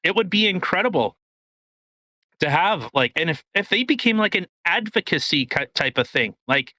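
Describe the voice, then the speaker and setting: Male co-host, bright edgy tone, profane and animated. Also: high voice, moderate pace, dry recording. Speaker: podcast co-host. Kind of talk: casual chat.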